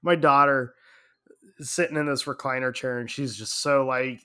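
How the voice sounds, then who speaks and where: A middle-aged man in casual chat, telling a story in an animated way and laughing often. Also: mid-range voice, normal speed, clean tone.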